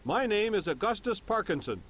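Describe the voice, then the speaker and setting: A man's voice: high voice, very animated, brisk, fairly bright tone, full character voice. An actor playing a welcoming frontier townsman in a game, speaking in a formal, informative way. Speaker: town greeter in a game.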